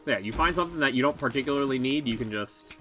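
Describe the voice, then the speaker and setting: A man hosting a let's play, giving relaxed, chatty gameplay commentary and laughing easily. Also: medium pitch, racing. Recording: game music behind.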